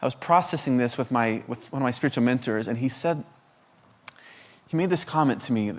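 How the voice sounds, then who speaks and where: A man delivering a passionate sermon in a voice of ordinary, middle pitch. He builds momentum with one rhetorical question after another, often tripping over restarts and repeated words as he drives his point home. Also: fairly quick. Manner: restarts and stammered repetitions when pressing a point. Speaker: guest preacher.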